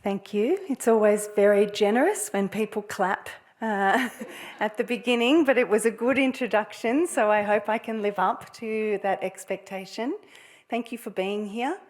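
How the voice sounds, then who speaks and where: A woman's voice: medium pitch, normal speed. A middle-aged Australian woman, a professor of music therapy, giving a public lecture in an earnest, reflective way and laughing lightly now and then.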